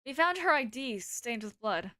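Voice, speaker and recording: A woman's voice: fairly high pitch, big pitch swings, moderate pace, sharp tone, dry recording, studio quality. A woman reading a visual novel aloud, voicing a haughty, contemptuous aristocratic male pigeon student who speaks in curt, scornful commands.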